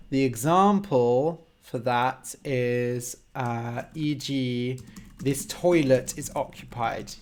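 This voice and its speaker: A man teaching English on a live stream, explaining words patiently and checking in with frequent "okay?". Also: medium pitch. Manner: slow, simple, encouraging explanations with frequent "okay?". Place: home room.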